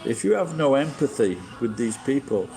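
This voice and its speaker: A middle-aged man rambles through a casual livestream, his mid-pitched voice warm and relaxed. He swears constantly and airs blunt opinions, with faint music playing behind him. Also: normal speed, poor audio. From England. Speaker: livestream host.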